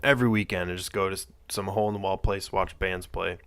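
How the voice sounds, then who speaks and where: A male host commenting on a played clip in a casual, reflective way with soft-spoken asides. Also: low-pitched, fairly even intonation, fast talker.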